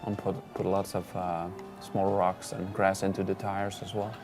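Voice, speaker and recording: A man's voice: low voice, level tone, normal speed. A man co-hosting a game livestream, dryly teasing the player and explaining how the cars handle. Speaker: livestream co-host and game commentator. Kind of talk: casual gaming commentary. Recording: game music audible behind.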